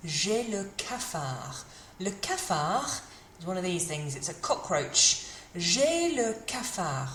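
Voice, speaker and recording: A woman, teaching beginners French idioms and repeating each phrase slowly. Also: medium pitch, reverberant, slight background noise. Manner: slow, carefully modelled French phrases between English explanations. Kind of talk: beginner language lesson.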